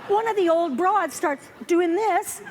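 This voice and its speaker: An older woman doing a live stand-up set on stage, wry and self-mocking, slipping into quick character asides. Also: very high voice, noisy background. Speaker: stand-up comedian. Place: comedy festival stage before a live audience.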